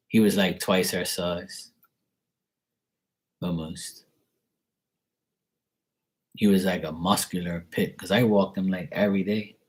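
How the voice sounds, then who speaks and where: A man's voice: low-pitched, fairly even intonation, takes it slowly, pauses often, husky. A man, a tarot reader, chatting casually and candidly with his live-stream viewers in a rambling, laid-back way.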